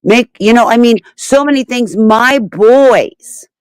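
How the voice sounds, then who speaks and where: A woman's voice: fairly high pitch, slow, clean tone, no echo, rough recording. A middle-aged woman on a panel, speaking with emotional, pleading insistence. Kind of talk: heated panel discussion.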